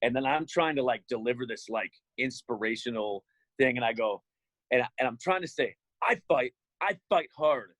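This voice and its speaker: Chill guy laughing at himself, sports emcee, dry close sound, average pitch. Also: brisk, a bit bright, dry recording, low-quality recording. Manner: laid-back, amused, self-mocking storyteller. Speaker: arena emcee. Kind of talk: casual storytelling on a panel.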